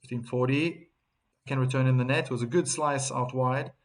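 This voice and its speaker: A man with a South African accent hosting a live tennis watchalong, chatting with viewers and breaking into excited calls on big points. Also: mid-range voice, moderate pace. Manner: chatty, reads viewer chat messages aloud between calls. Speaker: host and tennis commentator.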